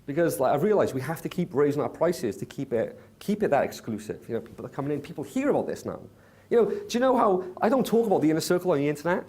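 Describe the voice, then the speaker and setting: A man hosting a live workshop, telling a story to a room of attendees in an animated way, swearing and acting out what others said. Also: a little high, fast talker. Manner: animated, swearing, acts out quotes. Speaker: workshop host. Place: conference room with audience.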